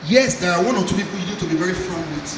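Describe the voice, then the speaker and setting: Animated Nigerian man, high voice. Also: rapid-fire, noisy background. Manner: animated, acts out other people's lines, laughs often. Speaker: audio engineer teaching a seminar. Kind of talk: live seminar talk with anecdotes.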